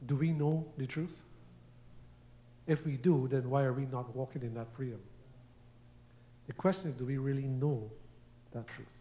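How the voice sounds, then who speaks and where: A man's voice: mid-range voice, steady tone, moderate pace, long pauses, mellow. A man preaching a sermon, telling everyday stories and acting out quoted voices, sometimes repeating words as he goes. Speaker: guest preacher. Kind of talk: sermon teaching.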